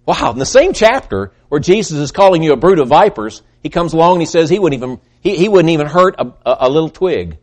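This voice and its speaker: A man preaching a sermon, swinging between loud emphatic peaks and hushed, soft passages, often repeating words as he builds. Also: a little high, fast talker, hardly any pauses. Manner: repeats words when excited.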